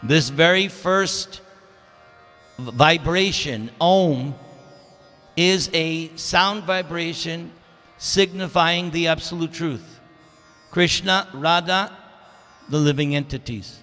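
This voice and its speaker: A man's voice: on the high side, pushed and bright. A man giving a scripture class in a temple, speaking emphatically and drawing out key words as he teaches. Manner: emphatic, drawn-out teaching delivery. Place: temple hall. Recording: reverberant temple hall with faint music.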